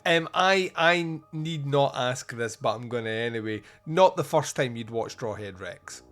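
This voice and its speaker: A man's voice: mid-range voice, animated, a little slow, a bit bright. A man hosting a podcast in casual film review chat. He talks in a chatty way, laughs often and restarts his sentences. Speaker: podcast host.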